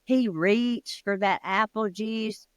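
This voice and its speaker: A woman, telling a ghost story with dramatic pauses and spooky low drops. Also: smooth, no echo. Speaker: co-host, storyteller.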